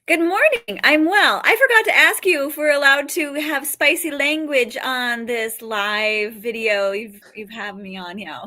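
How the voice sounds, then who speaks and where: A woman in her forties from Western New York, a comedian guest chatting animatedly on a talk show, quick to joke. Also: high-pitched, pushed and bright. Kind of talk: casual interview chat.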